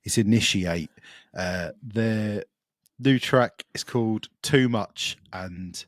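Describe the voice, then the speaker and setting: A man's voice: fairly low pitch, slow pace. A man co-hosting a music podcast, chatting casually and enthusiastically about upcoming records, rambling with lots of fillers. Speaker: podcast co-host.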